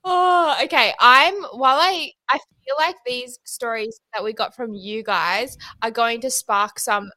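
A woman, co-hosting a podcast in a lively way and laughing as she talks. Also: on the high side, a little slow, few pauses. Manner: lively, laughs while talking. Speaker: podcast co-host. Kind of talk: casual chat.

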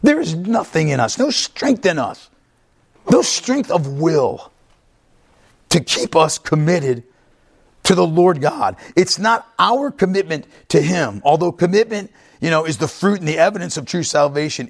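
A man's voice: fairly high pitch, sing-song, moderate pace, gravelly, slightly rough. A man pastor preaching an emphatic sermon, often checking in with the congregation. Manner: emphatic, repeats himself, asks the congregation "right?".

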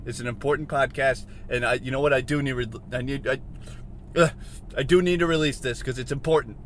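A man hosting a solo podcast from inside a car, rambling and questioning himself, swinging from mutters to shouts. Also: medium pitch, steady tone, fast, slight background noise. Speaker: podcast host.

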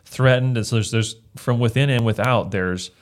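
A man's voice: medium pitch, moderate pace. A man, a pastor, talking through a book of the Bible in a casual discussion, earnest and often restarting his phrases as he reads verses aloud.

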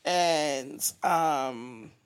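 A woman hosting a podcast, venting in casual chat with blunt, profane and animated talk. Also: low voice, drawn-out words, clean tone, no echo, clean studio sound. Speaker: podcast host.

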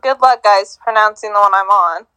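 A woman's voice: medium pitch, moderate pace, sharp tone, no room sound, rough recording. A woman co-hosting a casual podcast, giggling and stumbling over hard names as she reads results. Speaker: co-host.

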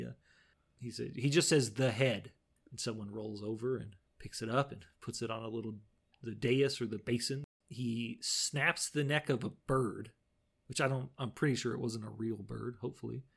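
Laid-back gravelly man recapping a show. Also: mid-range voice. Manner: laid-back, laughs often, retells scenes with quoted lines. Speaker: podcast co-host recapping an episode. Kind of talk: casual chat.

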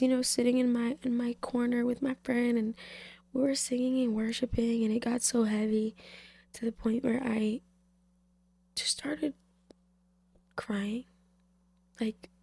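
A young woman shares a faith testimony in a slow, unhurried way, her voice husky with a gravelly edge. She is tearful and emotional, often slipping into a whisper. The sound is close and dry. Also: fairly high pitch, no room sound. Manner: emotional, soft-spoken, drifts into whispers, many fillers. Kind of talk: personal faith testimony, casual.

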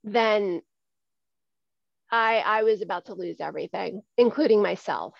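A woman's voice: mid-range voice, measured pace, gravelly, no room sound. A woman in her forties talks openly as an interview guest, earnest and repeating words while she finds her way. Her voice is close and dry, with no room around it. The recording is dull and lo-fi. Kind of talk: candid conversational interview.

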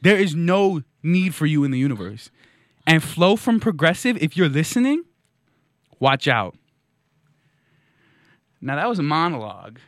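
A man's voice: fairly high pitch, very animated, a little slow, long pauses, no echo, clean studio sound. A man hosting a podcast, delivering a mock-outraged, sarcastic comedic monologue. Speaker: podcast host.

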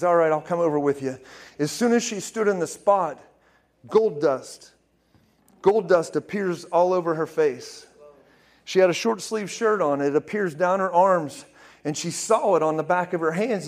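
High-voiced preacher telling stories. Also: male voice. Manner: casual, many fillers, grows excited and loud in climaxes. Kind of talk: conversational sermon storytelling.

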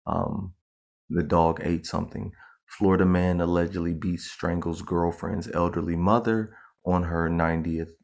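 A man's voice: low voice, little pitch movement, normal speed, vocal fry, darkish tone. A man co-hosting a casual podcast chat, playfully reading out headlines and laughing easily. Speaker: podcast co-host.

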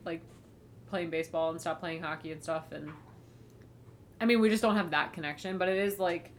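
Animated chatty young woman, lowish voice. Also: fairly quick, slight background noise. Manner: chatty, animated storytelling with frequent "like" and swearing. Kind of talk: casual chat.

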